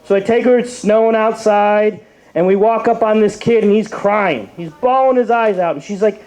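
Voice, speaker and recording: A man's voice: high-pitched, moderate pace, a little mellow, low-quality recording. A young man from Cleveland doing a rambling open mic stand-up set, full of fillers and restarts. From Cleveland, Ohio.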